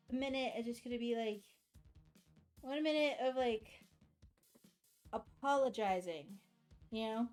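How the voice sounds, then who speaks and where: A woman streamer chatting at her desk, her voice sitting a little high. She rambles, swears and laughs at herself, sounding tired and overheated. Faint music plays under her voice. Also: a little mellow. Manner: rambling, self-deprecating, swears and laughs often. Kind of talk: casual live-stream chat.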